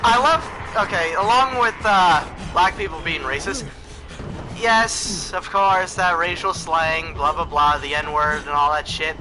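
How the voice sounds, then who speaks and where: A young man co-hosting a casual podcast chat, excitable and rambling, full of fillers. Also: on the high side, a little slow. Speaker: podcast co-host. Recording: faint background noise.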